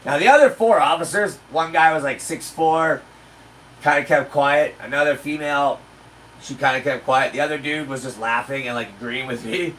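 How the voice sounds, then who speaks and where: A man's voice: a little high, moderate pace, fairly bright tone, distant mic, a little hiss or hum, poor audio. A man telling a crude, boastful story casually on his livestream. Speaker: livestream host. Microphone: handled desk mic.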